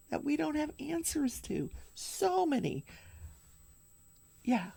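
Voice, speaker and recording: An older woman hosting a daily crafting show, recapping a trial in casual chat with animated storytelling and hushed asides. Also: high voice, slow, vocal fry, pauses often. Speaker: daily crafting and true crime show host.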